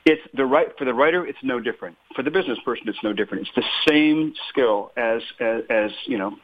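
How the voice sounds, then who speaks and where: A man speaks as a guest author on a radio show. His thinking-aloud delivery is animated and full of small self-corrections. He comes through a narrow, tinny phone line. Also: mid-range voice, fairly quick. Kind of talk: radio interview.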